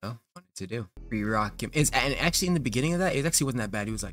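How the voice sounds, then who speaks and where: A man's voice: lowish voice, lively intonation, racing, few pauses, a bit bright. A young man hosting a reaction video, talking casually and incredulously with lots of slang. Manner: slangy and incredulous, full of "like" and "bro".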